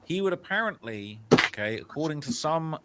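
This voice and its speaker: A man's voice: on the high side, very animated, moderate pace, crowd noise. A man with a British accent narrates a documentary-style video, hedging his claims with "apparently" and "allegedly". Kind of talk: storytelling narration of a video essay.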